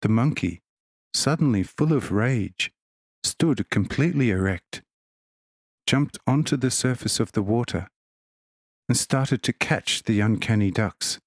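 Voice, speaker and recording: A man narrating a religious book as an audiobook reader, in a measured, even delivery. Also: medium pitch, no room sound, clean studio sound.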